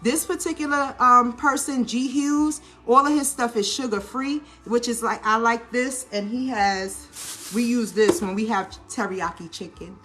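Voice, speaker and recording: A woman with a New Orleans accent chatting casually while making a salad in a home kitchen, animated and coaching, often checking in with her viewers. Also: fairly high pitch, measured pace, soft background music. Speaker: lifestyle vlogger. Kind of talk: casual cooking vlog talk.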